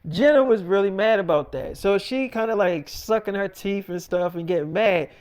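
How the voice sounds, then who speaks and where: A man's voice: sits high, moderate pace, darkish tone, clear, resonant tone. A man telling an improvised story in a casual, profane, rambling way and acting out the voices of the people in it.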